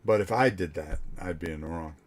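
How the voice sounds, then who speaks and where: An older man hosting a vlog, telling a blunt, profane story in a casual, animated way with many restarts. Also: low voice, fairly quick. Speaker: vlog host.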